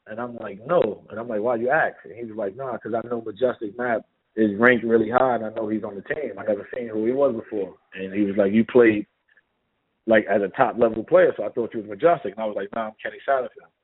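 Man, New York accent, middle-aged, husky voice, low pitch, tinny phone-line audio, storytelling guest. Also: quick pace. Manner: animated, acts out dialogue in anecdotes. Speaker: guest, former basketball player. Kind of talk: casual storytelling interview.

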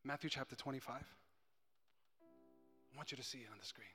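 A man preaching a sermon as pastor in a church, switching between loud, impassioned stretches and hushed ones and repeating his phrases. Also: mid-range voice, fairly quick, in a large hall, soft background music. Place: church sanctuary.

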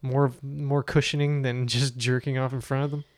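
A man's voice: medium pitch, level tone, moderate pace, dry recording, studio quality. A man co-hosting a podcast in loose, crude, laughing casual banter. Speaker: podcast co-host. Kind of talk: casual chat.

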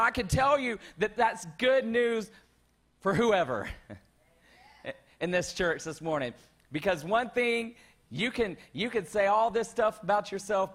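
A male pastor preaching a sermon to his church, conversational and calling out to the congregation. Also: fairly high pitch. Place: church sanctuary.

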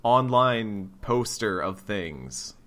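A man hosting a casual podcast chat, relaxed and friendly, a bit congested from a cold. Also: on the low side, extremely slow. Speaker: podcast host.

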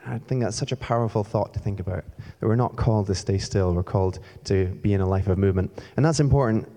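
A young Scottish man on the church staff preaches a chatty, self-deprecating sermon, moving around the church hall as he talks. His voice is lowish, quick and warm, and the recording has a long hall reverb.

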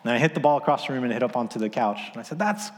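A man's voice: medium pitch, racing, in a large hall. A man in his thirties preaching a sermon, telling a story in a casual, conversational way with filler words. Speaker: pastor.

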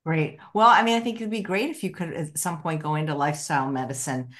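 A woman's voice: low voice, quick pace, a bit bright. A woman hosting an interview, asking questions in a polite, hedging way. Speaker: host.

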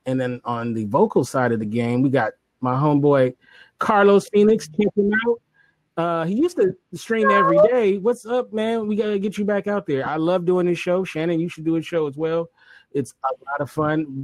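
A man's voice: on the high side, no room sound. A man hosting a casual livestream chat, laid-back and slangy, laughing often. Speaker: host.

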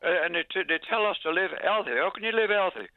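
A man's voice: high voice, animated, fast, dry recording. A man calling in to a radio show, complaining and asking pointed questions. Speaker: caller. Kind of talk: phone-in call. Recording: tinny phone line.

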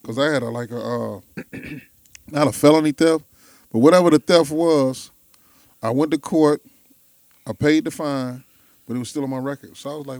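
A man tells a story in casual talk, jumping into the voices of the people in it. His voice sits at an ordinary pitch and the sound is dry and close. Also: normal speed, long pauses, dry recording. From Chicago. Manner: animated storyteller, acts out voices. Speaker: guest telling stories.

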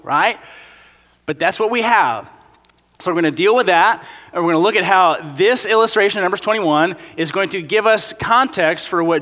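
A man preaching a conversational sermon. He acts out complaining voices and talks in a lively, animated way. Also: sits high. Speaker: pastor. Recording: long reverb of a large hall.

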